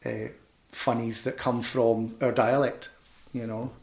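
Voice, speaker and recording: A chatty man with a Scottish Glasgow accent talks about panto work in a loose, rambling way. He often restarts his sentences and fills the gaps with "um" and "you know". His voice sits at an ordinary, middle pitch. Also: level tone, slow, creaky, darkish tone. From Scotland. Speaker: panto performer and director. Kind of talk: casual interview chat.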